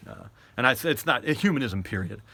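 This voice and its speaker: A man's voice: medium pitch, animated, fairly quick, sharp tone. A middle-aged American man giving an unscripted commentary monologue, often stumbling and repeating words, then rising to emphatic statements. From United States.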